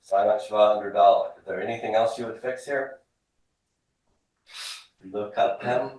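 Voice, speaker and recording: A man's voice: lowish voice, moderate pace, darkish tone. A man teaching a classroom language drill, upbeat and laughing often as he checks answers with his students. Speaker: Hebrew teacher. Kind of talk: classroom drill, call and response. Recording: echoey classroom from a distance.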